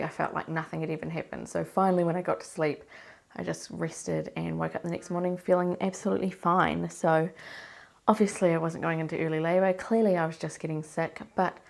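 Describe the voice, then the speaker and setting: A woman's voice: low voice, gravelly. A young woman talking to camera in a casual diary vlog, sounding congested from a cold, rambling anxiously and asking herself worried questions. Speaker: vlogger.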